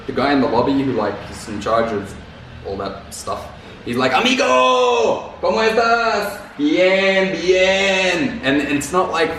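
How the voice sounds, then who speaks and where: A man's voice: mid-range voice, distant mic. A man vlogging in a loose, rambling way, repeating words and dropping casual slang. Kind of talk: casual talk to camera. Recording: very echoey room, off mic, faint noise.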